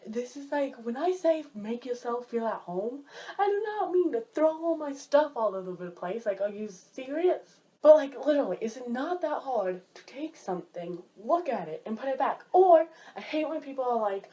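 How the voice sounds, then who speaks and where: A woman talking casually to camera in a vlog, animated, jumping high when she mimics people and dropping low for asides. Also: moderate pace. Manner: drops low and quiet for asides. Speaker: vlogger.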